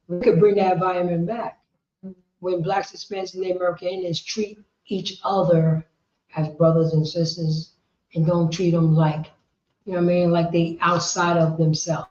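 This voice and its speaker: A woman teaching a history class, lecturing emphatically, repeating herself and rising to shouts. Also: lowish voice. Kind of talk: street-preaching lecture. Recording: roomy, dull lo-fi sound.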